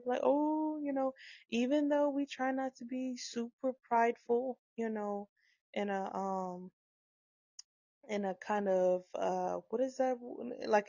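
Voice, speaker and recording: A woman talking in a casual monologue about parenting, animated and acting out quoted dialogue. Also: medium pitch, no echo. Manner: animated, acts out quoted dialogue, frequent laughs. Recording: dull, dry close-mic sound.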